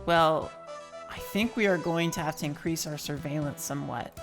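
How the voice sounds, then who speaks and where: A woman putting on a pompous old knight commander, all posh, fussy old-fashioned phrasing. The voice sits low, and faint game music plays underneath. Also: moderate pace. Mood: briskly official.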